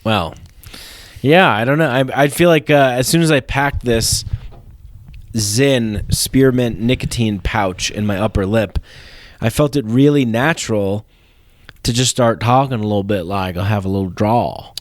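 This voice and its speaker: A man's voice: medium pitch, measured pace, dry recording. A man hosting a comedy podcast in casual chat, rambling and profane with many restarts. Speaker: podcast host.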